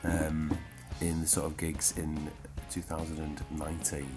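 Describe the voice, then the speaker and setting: A man's voice: very deep voice, monotone, measured pace, over music. A man, rambling and hesitant in casual podcast chat as a band member.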